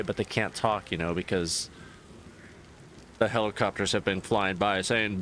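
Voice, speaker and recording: A man streaming and chatting casually, ranting in a profane, rambling and animated way. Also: on the low side, moderate pace, a little hiss or hum. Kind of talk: casual chat.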